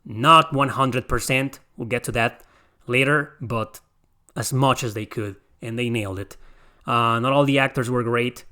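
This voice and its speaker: A man's voice: medium pitch, steady tone, unhurried, bright, forceful tone. A young man hosting a podcast, talking casually and rambling through his opinions on a game remake, often correcting himself mid-sentence. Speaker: podcast host. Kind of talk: casual game review talk.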